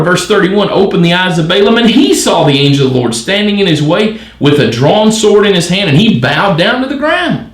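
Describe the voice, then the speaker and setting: Guy teaching a bible study, high lively voice jumping all over, asks a ton of questions, roomy sound. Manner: animated, wondering aloud with many questions. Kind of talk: midweek Bible study reading and commentary.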